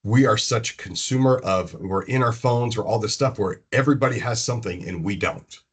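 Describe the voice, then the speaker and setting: A man's voice: lowish voice, fairly quick, husky. A man hosting a conversation, chatty and encouraging his guest. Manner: chatty, backchannels often. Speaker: host. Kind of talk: conversational interview.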